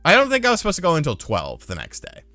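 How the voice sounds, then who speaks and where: A man casually telling a profane story on a live stream, getting loud and heated when he retells a fight. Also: a little high, huge pitch swings, quick pace, no echo, faint music behind. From lived in North Carolina.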